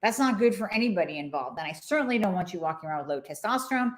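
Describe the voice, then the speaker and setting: A woman's voice: fairly low pitch, lively intonation, racing. Blunt, emphatic woman doctor talking hormones. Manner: blunt, emphatic, conversational, with asides and acted quotes. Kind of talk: direct-to-camera health talk.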